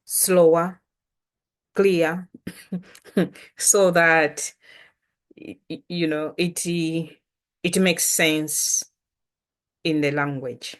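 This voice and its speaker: A woman's voice: on the low side, very slow, long pauses. A Malawian woman whose first language is Chitumbuka, teaching an online language lesson casually and patiently, repeating words with frequent fillers. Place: home, online session.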